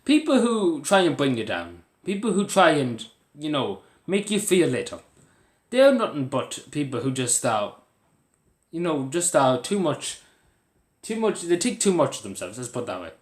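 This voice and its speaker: A man's voice: a little high, very animated, normal speed. Rambling Irish man in an echoey room. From Ireland. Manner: rambling, earnest, with many fillers and restarts. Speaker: vlogger. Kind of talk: casual talk to camera.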